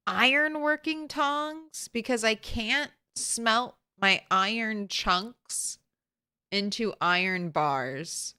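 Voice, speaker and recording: A woman's voice: fairly low pitch, bright, forceful tone, smooth, dry recording, clean studio sound. A woman game streamer chatting casually from home, greeting viewers by name and laughing often.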